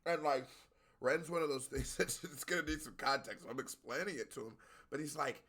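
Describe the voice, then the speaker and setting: Brisk and pushed, with a bright sound, a man hosting a music reaction video talks bluntly and casually. He curses a lot and frequently breaks into high-pitched exclamations.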